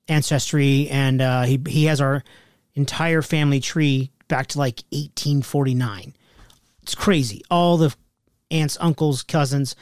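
A man in his forties telling a family story in casual chat, swearing often and breaking into loud outbursts. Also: on the high side, no room sound, clean studio sound.

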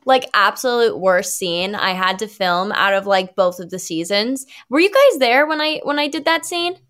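A young adult woman, an actress guest on a podcast, telling stories in a casual, animated way full of fillers. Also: mid-range voice, normal speed, smooth. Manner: animated, filler-heavy storytelling.

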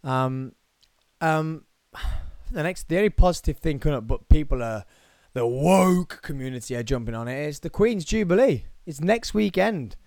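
A man hosting a podcast alone in his studio, talking excitedly and rambling. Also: fairly high pitch, normal speed, no room sound. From United Kingdom. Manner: excitable, rambling, self-mocking. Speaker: podcast host. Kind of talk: solo podcast monologue.

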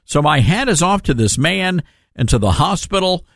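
A man hosting a talk radio show and mocking his subject with a sarcastic edge. His voice sits a little high and sounds close and dry in the studio. He keeps slipping into chuckles between halting fillers. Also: very animated, a bit bright, dry recording.

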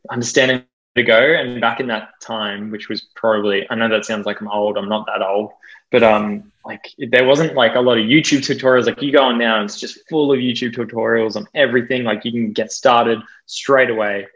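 A young Australian man chatting casually as an interview guest, self-deprecating and quick to laugh, with plenty of fillers. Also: mid-range voice, steady tone, fairly bright tone, dull audio. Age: young adult. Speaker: guest DJ and producer.

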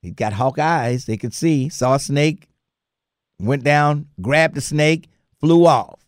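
A male radio host spins a story in an animated, chatty way, breaking into laughter as he goes. His voice sits a little high, and the studio sound is dry and close. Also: slow, no echo. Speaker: radio talk show host. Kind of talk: casual talk radio chat.

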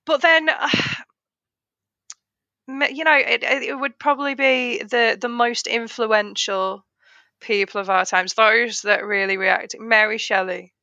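A woman's voice: a little high, steady tone, measured pace, sharp tone, dry recording, lo-fi sound. A woman teacher and author as a podcast guest, talking with enthusiasm and often restarting her sentences. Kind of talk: podcast interview.

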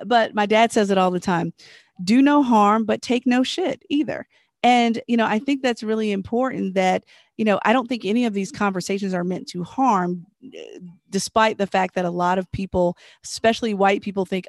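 A woman hosting a casual podcast conversation, animated and laughing often, with many "you know"s. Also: medium pitch, no room sound, clean studio sound.

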